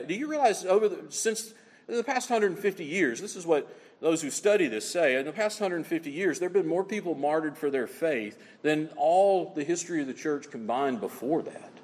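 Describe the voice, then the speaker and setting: A man preaching a sermon as pastor, emphatic, swinging between loud exclamations and low, quiet asides. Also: moderate pace, big-room sound.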